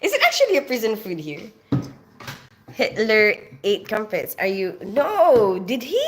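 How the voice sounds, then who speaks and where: A woman's voice: medium pitch, huge pitch swings, a little slow, a little hiss or hum. A woman who grew up in the Philippines, casually chatting on a live stream, reading out comments and greeting viewers by name while laughing often. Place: home in North London.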